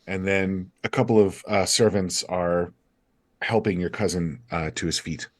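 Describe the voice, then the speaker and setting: A man's voice: low-pitched, fairly even intonation, unhurried. A man running an improvised tabletop game as game master, narrating in a hesitant, apologetic way with many fillers.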